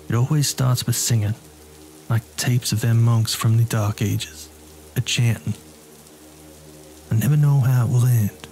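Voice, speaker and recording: A deep-voiced man narrates a horror story in the first person. His delivery is slow and measured. Faint music plays behind him. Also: darkish tone.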